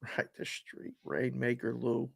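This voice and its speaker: A man's voice: medium pitch, monotone, a little slow, gravelly, breathy edge, no echo. A man co-hosting a casual sports betting show, teasing his partner with dry wit. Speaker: co-host.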